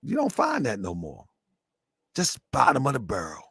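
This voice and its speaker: A man's voice: medium pitch, moderate pace, vocal fry, slightly rough, no room sound, clean studio sound. A middle-aged man hosting a show, talking in casual, rambling commentary that keeps circling back and repeating itself. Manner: animated, rambling, repeats himself, bursts of laughter. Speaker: show host.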